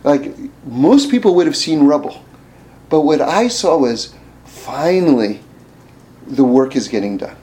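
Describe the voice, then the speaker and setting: Unhurried and pausing often, a man recounts something from his own life to draw a lesson from it. He's animated and casual, stumbling through fillers and restarts, then goes high and loud to make his point.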